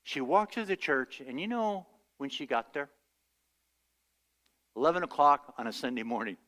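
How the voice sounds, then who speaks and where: A man's voice: mid-range voice, very animated, moderate pace, a bit bright, big-room sound. A male pastor preaching a sermon, telling stories and acting out the voices he quotes. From United States. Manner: storytelling, acts out quoted voices. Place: church sanctuary.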